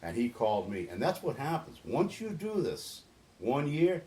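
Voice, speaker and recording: Here the boatyard volunteer organizer, a middle-aged New Englander, speaks as an interview guest at a moderate pace. His mid-range voice is mellow with big swings in pitch, and there's a slight hiss or hum. He relates a lengthy story with earnest feeling, frequently beginning sentences again.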